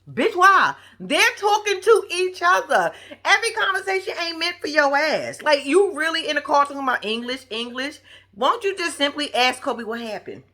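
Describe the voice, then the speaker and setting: Woman, sassy, profane, bright tone, lively swooping pitch, casual recap talk. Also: moderate pace. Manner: animated, laughs often. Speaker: reality TV recap vlogger. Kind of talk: casual commentary.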